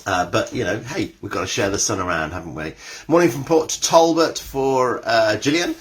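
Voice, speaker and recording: A man's voice: on the low side, moderate pace. A cheery, chatty man hosting a live online exercise class, greeting viewers by name and reading out their comments.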